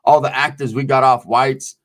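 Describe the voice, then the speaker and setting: With a steady, fairly bright mid-range voice at normal speed, a man hosting a show casually recounts prison stories. He's profane and streetwise, acting out the voices of the people he quotes.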